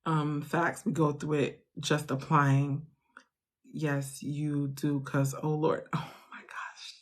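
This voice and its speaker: A woman's voice: low-pitched, level tone, slow. A woman hosting a live chat about grant funding, talking casually and reassuringly to viewers, often laughing and restarting her sentences.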